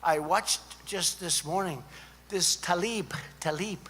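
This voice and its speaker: Speaking slowly in a voice that sits high, a man improvises a speech at a student conference. It's repetitive and meandering, peppered with remarks to the audience, and the hall echoes with a faint hum underneath.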